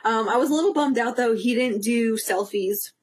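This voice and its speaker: A young woman telling a story in casual chat, animated, acting out quotes and laughing. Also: on the high side, normal speed.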